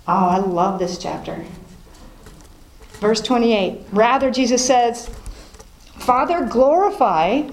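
A woman's voice: medium pitch, takes it slowly, pauses often. A woman leading a Bible study, reading scripture aloud, then explaining it and asking the group questions. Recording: roomy echo with faint noise.

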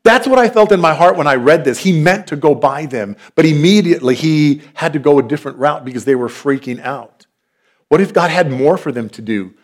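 A fairly high-voiced man in his forties with a drawl preaches a sermon. He talks earnestly and conversationally, easing into stories and asides. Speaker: pastor.

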